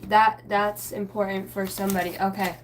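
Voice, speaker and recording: A woman with a mid-range voice does a casual spiritual reading on a livestream, answering viewers live at normal speed with a flat delivery. She rambles, swears now and then, tosses in self-mocking asides, and often trails off mid-thought. Heavy background noise fills the recording.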